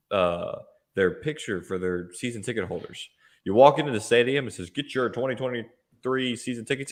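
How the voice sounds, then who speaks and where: A man hosts a casual sports podcast, joking and teasing his co-hosts. His voice sits somewhat low.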